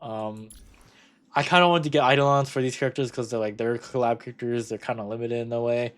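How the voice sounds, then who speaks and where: A young man talks through his game account in a loose, rambling way, often correcting himself mid-sentence. His voice sits at an ordinary middle pitch. He breaks into sudden excited bursts between stretches of low-key muttering. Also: fast. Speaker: gaming content creator. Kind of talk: casual gameplay commentary.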